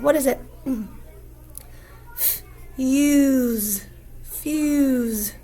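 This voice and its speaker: Slow, patient high-voiced woman teacher. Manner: slow, patient, encouraging, repeats words aloud. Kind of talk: phonics lesson for young students.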